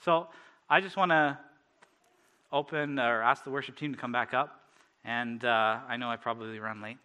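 A man's voice: medium pitch, fairly even intonation, normal speed, pushed and bright, clean tone. A man from Canada preaching a sermon, telling personal stories in a casual way with many fillers and frequent laughter.

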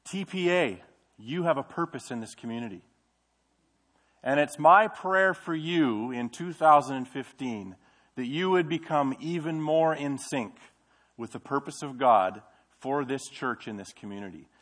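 A man's voice: mid-range voice, expressive, unhurried, fairly bright tone. Middle-aged man preaching a sermon. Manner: conversational preaching, asks the congregation questions. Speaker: pastor. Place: church sanctuary.

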